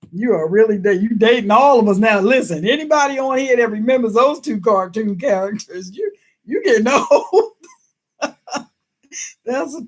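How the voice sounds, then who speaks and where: A woman hosting a casual live stream who reads viewer comments aloud, talking in a chatty, emphatic way and laughing often. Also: on the high side. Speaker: livestream host reading viewer comments.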